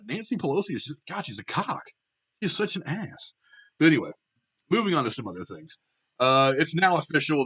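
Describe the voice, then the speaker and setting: A man's voice: medium pitch, a bit bright, lo-fi sound. A young man hosting his own show, ranting bluntly with heavy swearing and frequent restarts. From Ohio. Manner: blunt, profane, heated. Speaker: political commentary host. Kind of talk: casual opinion rant.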